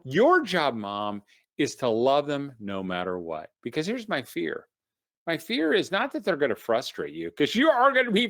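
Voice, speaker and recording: A middle-aged man giving a casual, motivational webinar talk to homeschooling parents, telling folksy stories full of "you know" and swinging between loud bursts and quiet asides. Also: a little high, no room sound, studio quality. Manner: folksy storyteller, many "you know" fillers. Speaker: homeschool speaker.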